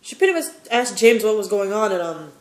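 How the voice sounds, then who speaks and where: A woman's voice: mid-range voice, very animated, brisk, reverberant. A woman giving a casual, opinionated recap of a TV episode, rambling with many fillers. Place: sitting in a chair at home.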